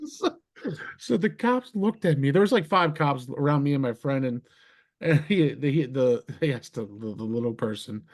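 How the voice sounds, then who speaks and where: A man from New Jersey hosting a casual podcast chat, telling stories with lots of restarts and high put-on voices for the people he quotes. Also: moderate pace. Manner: animated storyteller, jumps to a much higher pitch for quoted voices. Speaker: podcast host.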